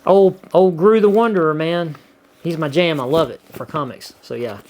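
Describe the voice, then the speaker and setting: A man with a drawl talks casually to his viewers. His voice sits a little high for a man. He rambles in a folksy way, full of restarts and "you know.". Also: moderate pace, a little mellow. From Gulf Coast of the US. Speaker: vlogger. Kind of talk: casual chat to camera.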